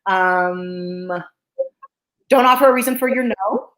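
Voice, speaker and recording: A woman's voice: mid-range voice, takes it slowly, poor audio. A woman psychologist hosting a talk, teaching energetically, repeating key phrases and often checking in with "okay?". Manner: animated, repeats phrases for emphasis. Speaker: psychologist host.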